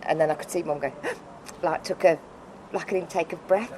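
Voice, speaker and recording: A middle-aged woman telling a personal story as an interview guest, heartfelt and halting, often restarting her sentences. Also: sits low, mellow, a little hiss or hum, low-quality recording. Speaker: interview guest, foundation founder.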